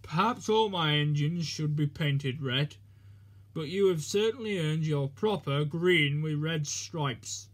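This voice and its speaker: Portly, jovial male railway chief, genial yet authoritative, unhurried, voiced by a man. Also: a little high. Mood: proud. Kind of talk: storybook reading.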